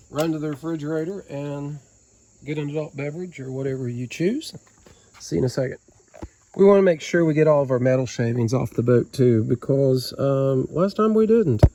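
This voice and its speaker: A man's voice: a little high, mellow, slight background noise. A man with a Southern Appalachian accent, talking viewers through a boat repair in a folksy, joking way while he works outdoors. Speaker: DIY boat-repair vlogger. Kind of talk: casual how-to narration while working. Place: outdoors beside a boat on the ground.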